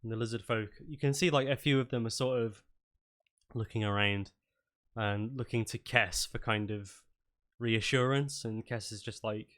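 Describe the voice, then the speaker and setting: A man's voice: on the low side, moderate pace, a bit bright. Rambling man running a tabletop game. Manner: rambling, many fillers and restarts. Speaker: game master.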